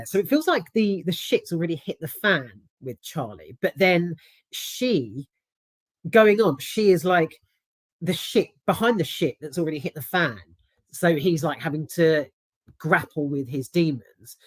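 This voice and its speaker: A woman with a lowish voice talks through a film in a loose, rambling way, restarting her sentences and swearing for emphasis. The sound is dry and close, with no room echo around her. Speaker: film reviewer. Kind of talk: casual spoken film review.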